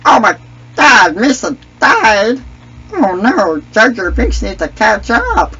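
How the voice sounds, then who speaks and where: Man doing a goofy alien sidekick, third-person talk, slow and bouncy, husky, lo-fi mic. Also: sits high, very animated, sharp tone, full character voice. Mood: excited. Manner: refers to himself in third person, brash trash talk. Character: goofy clumsy alien sidekick, male, excitable. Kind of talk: gaming commentary in a character voice. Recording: dull lo-fi mic.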